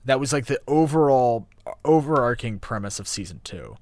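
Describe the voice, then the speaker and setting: Young man, mid pitch, easygoing, hesitant, dry close recording. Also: animated, normal speed, a little mellow, dry recording. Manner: easygoing, hesitant, many fillers. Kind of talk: casual anime review chat.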